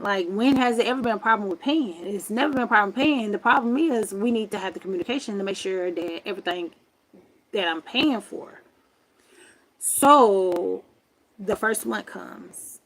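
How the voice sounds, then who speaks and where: A woman in her forties telling a story on a livestream from her grandmother's home, animated and emphatic, swearing freely. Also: mid-range voice, normal speed. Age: 40s. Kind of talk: casual storytelling rant.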